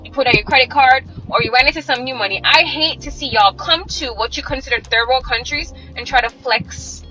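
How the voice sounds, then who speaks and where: A woman's voice: high-pitched, brisk, bright, forceful tone, faint music behind, low-quality recording. A woman speaking in a lecturing, scolding way.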